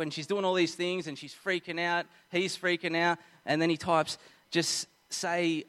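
A man's voice: on the high side, flat delivery, unhurried, a bit bright, clear, resonant tone. A man preaching a sermon to a crowd, telling a story with many restarts and repeated words. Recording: long hall reverb.

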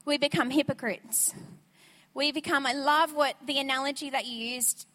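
Woman guest preacher, high voice, energetic conversational sermon, church reverb. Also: moderate pace. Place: church sanctuary. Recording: church sanctuary with long reverb.

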